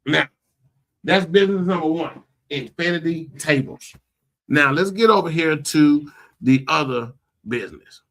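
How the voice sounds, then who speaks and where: A man hosting a casual live stream from a home computer setup, talking about side businesses in an animated, incredulous way with lots of restarts. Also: fairly high pitch, unhurried. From Florida. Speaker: host.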